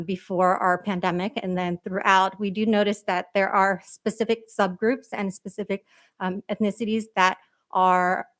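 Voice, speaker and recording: A woman's voice: medium pitch, a bit bright. Earnest woman presenting at a board meeting. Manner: earnest, emphatic, frequent fillers. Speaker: school district equity director.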